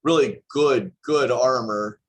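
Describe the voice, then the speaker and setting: A man chats about a board game in short, joking bits, sometimes halting over his words. His voice sits at an ordinary pitch for a man. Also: slight background noise. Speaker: board game group member. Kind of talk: casual group discussion.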